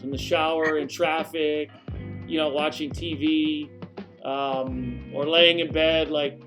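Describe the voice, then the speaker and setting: A man hosting an interview, musing aloud and asking about the guest's past, sometimes repeating words as he starts. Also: a little high. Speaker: interviewer, host. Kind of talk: conversational interview.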